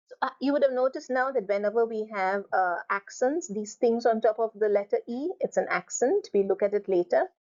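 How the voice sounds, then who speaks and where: A woman with a medium-pitched, somewhat dark voice presents French lessons over slides, repeating every word a few times for students to copy. The lecture was captured in a muffled, low-fidelity recording.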